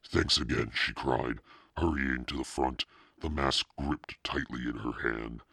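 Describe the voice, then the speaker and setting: Man, audiobook narration, steady, bright tone, dry close sound. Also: extremely low pitch, measured pace, husky, dry recording. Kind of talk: scripted narration.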